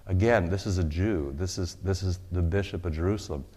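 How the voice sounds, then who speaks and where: A man preaching a sermon, earnest and exhorting, who slowly repeats a prayer in a voice that trails off softly. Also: sits low, husky. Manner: earnest, exhorting, with quick asides. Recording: long hall reverb.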